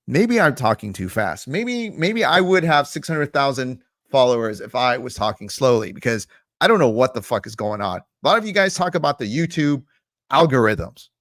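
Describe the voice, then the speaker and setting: A man's voice: mid-range voice, normal speed, no echo, clean studio sound. Profane, ranting male crypto vlogger. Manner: blunt, profane, mocking, animated rant. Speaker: crypto video host. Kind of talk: casual ranting commentary to camera.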